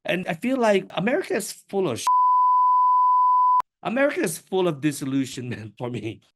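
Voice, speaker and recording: An older man from the Philippines, an artist talking candidly in an interview, frank and opinionated, with a pace that speeds up and slows down. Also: sits high, lively intonation, very noisy. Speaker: artist, podcast guest.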